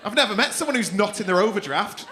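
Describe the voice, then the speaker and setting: High-voiced man doing stand-up crowd work. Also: animated. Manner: teasing, sweary, quick-fire banter. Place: comedy club stage. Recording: live club recording with crowd noise. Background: audience laughing.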